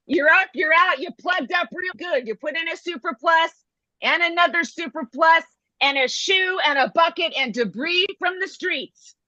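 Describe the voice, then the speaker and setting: A woman's voice: very high-pitched, normal speed, pushed and bright, dry recording, lo-fi sound. A middle-aged woman doing a brash, punchy stand-up comedy bit on a video call. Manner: brash, punchy joke delivery.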